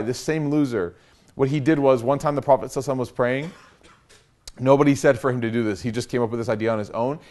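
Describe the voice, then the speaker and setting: Fast-talking young preacher. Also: male voice, mid-range voice. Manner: animated, slangy, conversational. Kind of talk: casual storytelling lecture.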